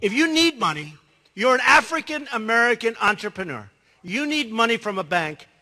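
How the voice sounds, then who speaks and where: A man delivers a rambling campaign speech with a high, lively pitch. His tone is bright and he turns to the crowd with asides. His voice rings out through a large hall with long reverb. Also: normal speed. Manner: rambling, boastful, conversational asides to the audience. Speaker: political candidate.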